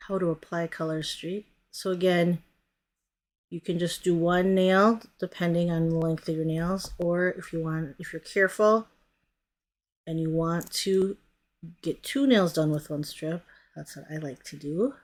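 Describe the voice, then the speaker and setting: Chatty woman demoing nails, slightly low voice. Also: fairly even intonation, measured pace, a little mellow. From United States. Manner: chatty, narrates her hands as she works; often trails off and self-corrects. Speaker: nail product stylist. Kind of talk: casual nail tutorial demo.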